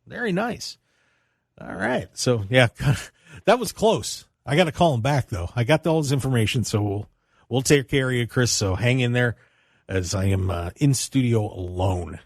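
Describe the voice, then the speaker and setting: A male radio host chatting on air in a studio, his pitch swinging up and down with energy. He sounds upbeat and animated, and the room around his microphone is dead and close. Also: normal speed, no room sound. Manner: upbeat, animated, hollers and laughs. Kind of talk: radio talk show chat.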